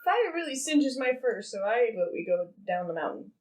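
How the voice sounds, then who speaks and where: A woman's voice: a little high, very animated, moderate pace, a crowd in the background. A woman playing a tabletop game, making dry wisecracks. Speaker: player. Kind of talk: casual tabletop play.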